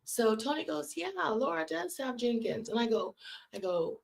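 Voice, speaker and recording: A woman's voice: on the high side, lively intonation, normal speed, gravelly. A woman from California hosting a late-night live stream, telling a story in a conversational way and calling her listeners "y'all". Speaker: host.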